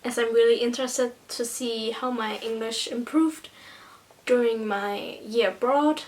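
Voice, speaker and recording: A woman's voice: on the high side, fairly even intonation, unhurried, a little mellow, poor audio. A German teenage girl with a German accent doing a casual Q and A vlog, hesitant and self-conscious, stumbling over some words. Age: teens. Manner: hesitant and self-conscious, with nervous laughs and restarts. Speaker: vlogger.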